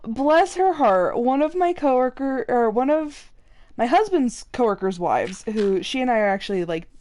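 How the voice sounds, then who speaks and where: A woman's voice: a little high, animated, normal speed, darkish tone. A young woman streaming a game and chatting casually, laughing often and acting out what others said. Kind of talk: casual chat while gaming.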